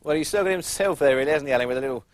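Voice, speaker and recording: A man's voice: fairly high pitch, racing, no room sound, close to an everyday voice. A man voicing a genial male ex-player pundit who wanders off into anecdotes. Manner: meandering anecdotes.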